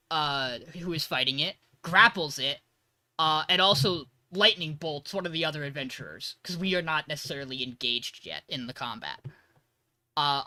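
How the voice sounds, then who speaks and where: A man's voice: fairly high pitch, bright, forceful tone, no room sound. A man co-hosting a podcast, casually retelling a tabletop game session and acting out quoted lines. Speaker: podcast co-host. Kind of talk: casual storytelling recap.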